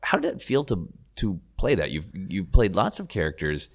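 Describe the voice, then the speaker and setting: A man interviewing an actor, enthusiastic and quick to laugh. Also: deep voice, very animated, vocal fry. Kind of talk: casual interview chat.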